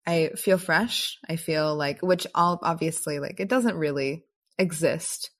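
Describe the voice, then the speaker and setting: A woman's voice: deep voice, a little slow. A woman co-hosting a podcast, chatting in an easygoing, agreeable way. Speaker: podcast co-host. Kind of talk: casual chat.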